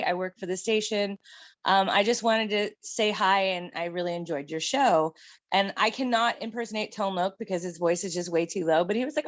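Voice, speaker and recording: A middle-aged woman telling a story in casual chat, animated and laughing often. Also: medium pitch, normal speed, no echo. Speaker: guest.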